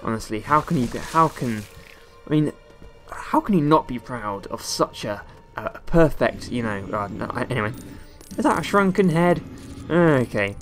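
A young man giving playful, rambling let's-play commentary over a video game, often jumping into squeaky high exclamations. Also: lively intonation, normal speed, a bit bright, faint music behind. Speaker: gaming YouTuber.

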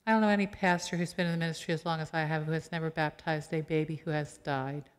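A middle-aged woman pastor giving a sermon in a conversational, animated storytelling way, acting out quoted voices. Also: low voice, fast talker, clean tone. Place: church sanctuary. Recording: long church reverb.

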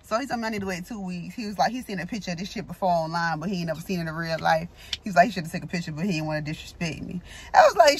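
A young woman in a casual vlog to camera, slangy and animated, calling her viewers y'all and jumping to high squeals when nervous, recorded on a phone. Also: slightly rough. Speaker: vlogger.

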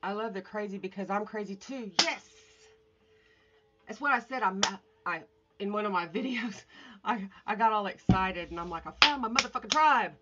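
A woman's voice: mid-range voice, a little fast, very noisy. A woman chatting casually and scattershot on a morning livestream from home, greeting viewers and swearing offhand. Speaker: artist livestreaming. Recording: dull lo-fi phone audio.

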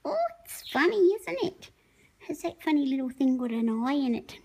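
High sing-song woman in doting baby talk. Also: lively intonation, normal speed, vocal fry, dark tone, a little hiss or hum. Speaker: pet owner. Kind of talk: baby talk to a pet parrot.

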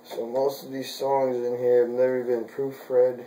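A man's voice: mid-range voice, level tone, measured pace, warm tone, roomy sound, a little hiss or hum, poor audio. A man vlogging from home in a casual, frustrated way, swearing at gear that won't work.

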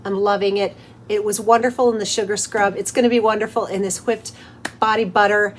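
A middle-aged woman hosts a soap-making channel, cheerfully walking through each step of a home craft tutorial as she works, with soft laughs. Her medium-pitched voice is steady and fairly quick, with slight background noise.

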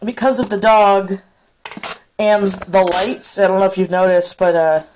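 A woman vlogging in casual chat, rambling and swearing freely, speaking in a soft hushed voice outdoors at night while walking a dog. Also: mid-range voice, fairly even intonation, measured pace, slight background noise.

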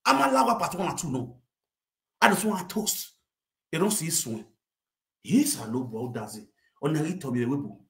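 A man with a Nigerian accent telling a comic rant, animated, mixing Pidgin and local languages and bursting into shouts. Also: on the high side, normal speed. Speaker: comedic storyteller. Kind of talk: comic rant sharing gossip. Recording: roomy echo.

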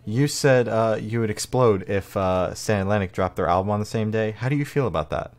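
A man's voice: on the low side, brisk, heavy background noise. A man hosting a podcast who asks questions loosely and jokes with his guest. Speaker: podcast host. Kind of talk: casual podcast interview.

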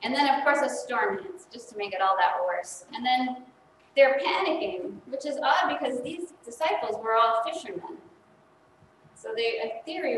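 A woman's voice: on the high side, slight background noise. A woman in her thirties, a priest giving a children's sermon in a chatty way, asking the congregation questions. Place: church sanctuary. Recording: echoey church from far off.

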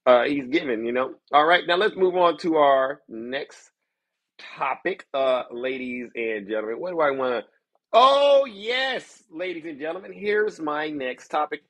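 Husky, theatrical male commentary host. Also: on the high side, moderate pace, no echo. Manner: theatrical, mocking, showman-like, keeps saying "ladies and gentlemen". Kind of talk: ranting political commentary to viewers.

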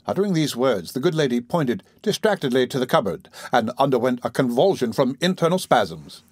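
A man reading a classic novel aloud as an audiobook narrator, in a measured, theatrical way. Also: medium pitch, big pitch swings, breathy edge, dry recording, clean studio sound. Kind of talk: scripted narration.

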